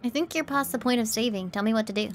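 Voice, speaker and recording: A woman's voice: a little high, quick pace, a little hiss or hum. Sardonic woman streamer, under the weather. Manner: teasing, sardonic chatter at chat. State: ill, throat infection. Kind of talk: casual live gameplay commentary.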